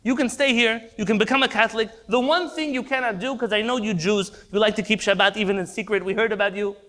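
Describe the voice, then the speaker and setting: A man doing a strict Catholic priest, scolding and indignant, high bright voice, climbing to outraged shouts. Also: fairly even intonation, quick pace. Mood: stern.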